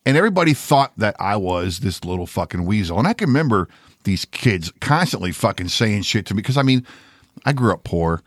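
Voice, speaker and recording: A man's voice: fairly low pitch, a little fast, dry recording, clean studio sound. An older man, a podcast co-host, telling a story in casual, profane talk and acting out the voices. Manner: profane, animated storyteller who acts out voices.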